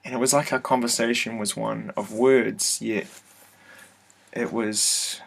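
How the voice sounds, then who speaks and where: A man telling a personal story to his webcam in an office, hesitant and soft-spoken, full of fillers and restarts. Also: fairly low pitch, steady tone, a little slow, gravelly. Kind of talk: casual first-person testimony. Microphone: computer webcam mic.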